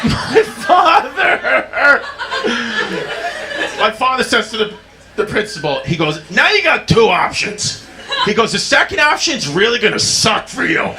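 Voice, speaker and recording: Drunk laughing stand-up comedian, high voice. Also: male voice, very animated, measured pace. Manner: loud, laughing, drunken delivery. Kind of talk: stand-up storytelling. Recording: comedy club recording with ambience.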